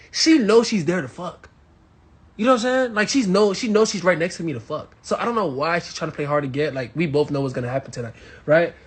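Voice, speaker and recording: A young man from Miami telling a crude story to his live audience, animated and swinging between loud bursts and hushed asides. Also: sits high, breathy edge. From Miami, Florida. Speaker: livestream host.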